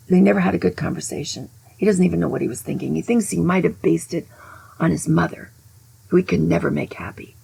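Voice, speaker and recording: An older woman tells stories in a casual, chatty flow, often restarting her sentences and adding asides. Her voice sits low and is full of gravelly fry. It is husky and dark, with a mellow, breathy tone. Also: low-quality recording. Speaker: host. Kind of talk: casual storytelling.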